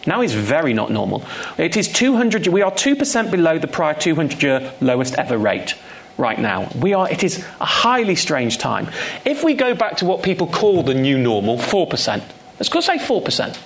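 A man with a fairly high, gravelly voice, talking at a live on-stage conversation. He is emphatic and presses his points by repeating them, in the manner of a consumer finance campaigner. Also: big pitch swings, moderate pace.

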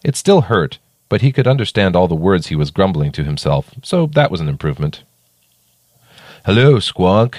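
A man narrating a children's story in a playful, expressive way. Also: sits low, fairly quick, hardly any pauses, no room sound, studio quality.

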